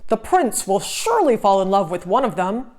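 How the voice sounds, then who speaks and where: A woman voicing an eager, pompous old king in a storybook reading, loud and declaring. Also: mid-range voice, sing-song, normal speed, natural voice.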